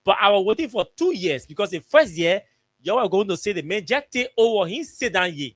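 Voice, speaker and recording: Brisk and sing-song, this high, slightly bright male voice belongs to a Liberian English-accented radio talk show host. Speaking in a radio studio, he tells a story casually and emphatically, repeating his points. The recording is dry.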